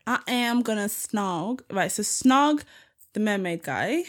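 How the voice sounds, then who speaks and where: A young woman co-hosting a podcast, giggly and excitable in casual chat. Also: medium pitch, slow. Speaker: podcast co-host.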